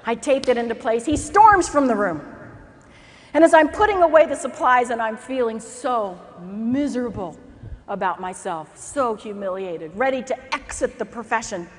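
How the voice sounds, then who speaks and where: A woman keynote speaker telling a humorous story in an animated way, acting out the people in it. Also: a little high, normal speed. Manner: animated, acts out characters, laughs through lines. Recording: echoey hall with faint noise.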